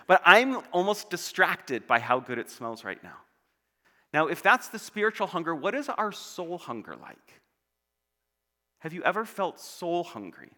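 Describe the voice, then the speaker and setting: Man, pastor, bright voice, higher pitch, playful jokey sermon, long church reverb. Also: big pitch swings, unhurried. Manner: playful, joking storyteller.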